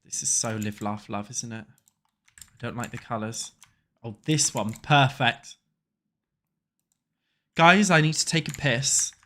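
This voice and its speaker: With a mid-range, fairly bright voice and a steady tone, this congested streamer speaks a little slowly and leaves long pauses. Sitting at his desk with a cold, he chats casually with his live audience while playing, cursing freely, cracking crude jokes and teasing them.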